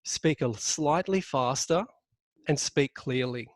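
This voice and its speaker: A man runs a leadership webinar in the style of a coach, leaning on key words but frequently pausing with ums and restarting sentences. His pitch is medium, and there's no echo.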